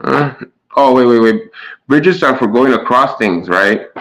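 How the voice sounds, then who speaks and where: A man's voice: mid-range voice, measured pace, a bit bright, low-quality recording. A man streaming live and chatting casually with his viewers, stumbling over his words and trading sarcastic jabs with chatters.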